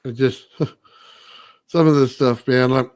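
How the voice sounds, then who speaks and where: A man's voice: medium pitch, fairly even intonation, slow, a little mellow, clean tone. A man on a casual talk show, ranting bluntly and profanely and ending nearly every point with "okay?". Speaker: guest, builder. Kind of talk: heated rant in casual talk.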